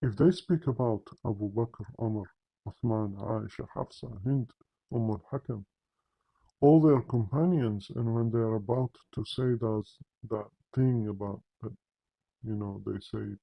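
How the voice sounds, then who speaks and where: A man's voice: fairly low pitch, a little slow, vocal fry, slightly rough, lo-fi sound. A man giving a confrontational religious commentary, addressing listeners directly with emphatic, repetitive phrasing and frequent restarts. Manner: frequent restarts and repeated words. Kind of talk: polemical monologue to camera.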